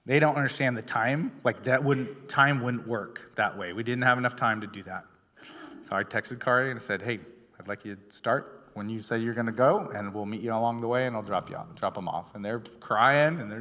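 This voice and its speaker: In a church sanctuary thick with long hall reverb, a man delivers a sermon as pastor. His mid-range voice is brisk and sharp, and he tells stories conversationally, full of fillers and false starts.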